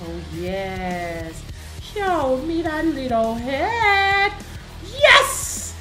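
A woman's voice: sits high, sing-song, very slow, heavily acted. A woman voicing a gleeful, hungry cat monster in a playful game role-play, giggling, meowing and taunting. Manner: giggly, meows between lines, taunting. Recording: echoey room with loud game music.

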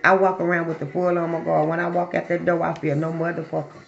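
A woman's voice: lowish voice, little pitch movement, fast talker, gravelly, dull audio, faint music behind. A woman who talks bluntly and swears freely, chatting casually to her viewers before she does a psychic reading. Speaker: psychic reader.

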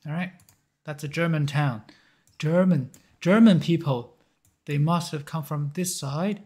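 A man hosting a map-guessing game video, thinking aloud in a halting, musing way with short chuckles. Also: fairly high pitch, steady tone.

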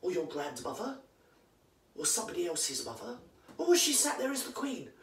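Mock outrage drives this comedy monologue, with a performer playing an old English granny, British accent and all, ranting gossip laced with slang and constant swearing as she rambles with big pitch swings. The voice is very animated, a bit bright, and at a moderate pace, recorded in a roomy space from a distant mic.

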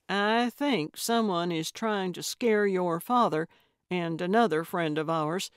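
A woman's voice: fairly low pitch, no echo, clean studio sound. A woman voicing a bossy older female amateur sleuth who talks bluntly and pushily. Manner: brash, blunt and pushy.

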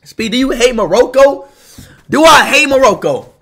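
A young man livestreaming, talking loudly and excitably to his chat and often shouting. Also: very high-pitched, normal speed.

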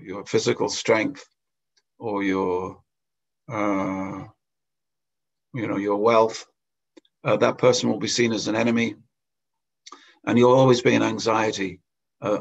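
A man giving a scripture class as a storytelling sermon, chuckling often and pausing with hesitations. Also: on the low side, fairly even intonation, vocal fry, husky. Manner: anecdotal, with frequent chuckles and hesitations. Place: temple hall. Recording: dull lo-fi lecture recording.

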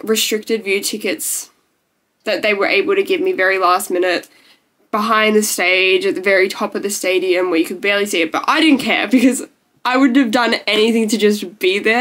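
A young woman vlogging to camera in a gushing, emotional way, peppered with "like", close to tears. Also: medium pitch. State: tearful. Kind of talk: casual talking-to-camera vlog.

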